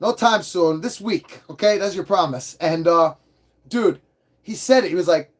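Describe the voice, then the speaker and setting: A man hosting a casual livestream toy review, hyper and excitable, swearing freely as he talks. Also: high-pitched, moderate pace.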